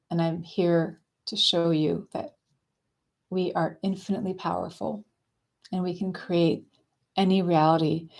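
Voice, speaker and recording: A woman coaching viewers on a casual live stream, talking in a soft, dreamy and effusive way. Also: lowish voice. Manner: gushing, affectionate and effusive; soft, dreamy spiritual phrasing.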